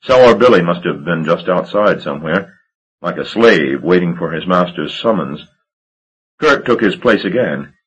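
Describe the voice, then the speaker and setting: Low, husky male audiobook narrator. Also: animated, normal speed, fairly bright tone, muffled recording. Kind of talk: scripted narration.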